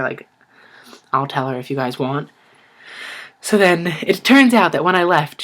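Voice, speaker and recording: A young man telling a personal story in a casual vlog, chatty and full of "like", acting out what people said. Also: fairly high pitch. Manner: chatty, lots of "like" and "I was like", acts out quotes. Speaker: vlogger.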